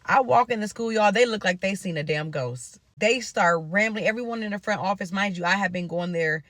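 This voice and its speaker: Bright-voiced woman telling a story. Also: medium pitch, fairly quick, no echo. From Omaha, Nebraska. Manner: loose, profane, speaks to viewers directly. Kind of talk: casual storytime vlog.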